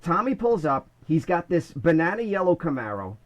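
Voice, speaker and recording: High-voiced New man telling stories. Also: moderate pace, low-quality recording. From Bronx, New York. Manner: animated, many restarts, "I says". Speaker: guest, former corrections officer. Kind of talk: casual storytelling.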